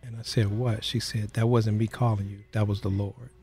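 A man with a low, mellow voice recounts his life as a podcast guest. He speaks earnestly and plainly, dropping into the voices of the people in his story. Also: little pitch movement, moderate pace. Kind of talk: storytelling interview.

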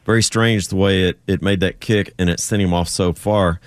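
A man co-hosting a motorsport radio show in an easygoing, measured way. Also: deep voice, fairly even intonation, no room sound. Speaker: co-host. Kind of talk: casual radio talk.

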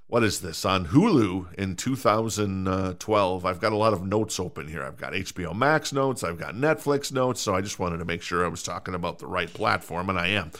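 Middle-aged male podcast host, lowish voice, casual and rambling, self-mocking. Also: animated, moderate pace, few pauses, fairly bright tone. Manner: rambling, self-mocking, many fillers and restarts. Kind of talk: casual solo podcast chat.

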